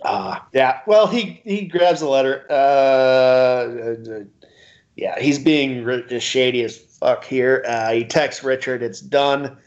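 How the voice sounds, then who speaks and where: A man's voice: mid-range voice, slow pace. A man co-hosting a casual podcast chat, hesitant with many fillers and chuckles. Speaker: podcast co-host. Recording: dull lo-fi podcast audio.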